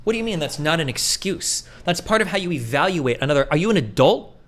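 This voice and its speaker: A man's voice: on the high side, very animated, quick pace, a bit bright. A man hosting a talk stream, giving profane, heated commentary and acting out quotes in a mocking voice. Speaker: podcast host.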